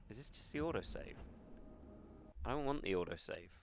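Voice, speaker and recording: A man's voice: on the low side, animated, moderate pace, noisy background. Swearing, self-mocking male game streamer. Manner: self-mocking, swears freely, talks himself through the game. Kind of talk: live gameplay commentary.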